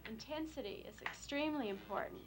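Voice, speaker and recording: A woman clinician giving a measured documentary explanation, stressing words to make her examples clear. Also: sits high, a crowd in the background, poor audio. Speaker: clinician explaining cochlear implants.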